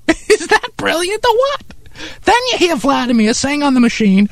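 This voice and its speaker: A high, gravelly, swooping voice belongs to an excitable male music snob, as a performer puts him on for a comedy radio sketch. He gushes and talks down in a pompous tone. The recording is close and dry. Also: dry recording. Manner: pompous, condescending, gushing. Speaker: regular sidekick character.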